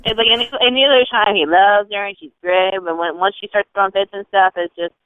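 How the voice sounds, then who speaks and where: A mother chats over a tinny phone line, teasing and laughing. Her pitch sits in the middle. The sound is dry. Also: fairly even intonation, quick pace, smooth, no room sound. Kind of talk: casual chat.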